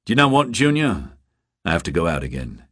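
A man's voice: low-pitched, big pitch swings, a little fast, fairly bright tone, no room sound, studio quality, heavily acted. A man reading a story voices a weary middle-aged detective, terse and clipped.

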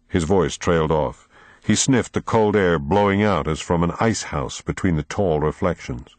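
A man narrating an audiobook in a dramatic, measured storytelling manner, close to the mic. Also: low voice, no echo.

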